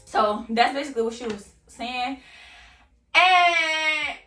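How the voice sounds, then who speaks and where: A woman's voice: sits high, expressive, slow pace, sharp tone, far from the mic. A young woman vlogger telling a candid, casual story and swearing freely. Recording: roomy, off-mic, faint music.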